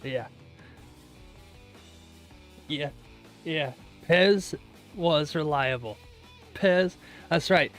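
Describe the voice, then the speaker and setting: A man's voice: a little high, extremely slow, long pauses, fairly bright tone, soft background music. A man live-streaming his day trading from a small closet, chatting casually and joking with viewers, laughing often.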